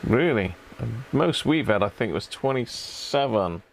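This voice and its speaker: A man's voice: medium pitch, expressive, measured pace, gravelly. A man hosting a casual live stream from his home workshop, chatting with viewers and greeting them one by one by name.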